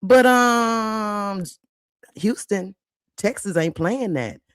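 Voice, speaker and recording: A woman's voice: mid-range voice, expressive, drawn-out words, no room sound, clean studio sound. A woman hosting a casual livestream, chatty and blunt with salty slang, greeting viewers by name. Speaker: livestream host.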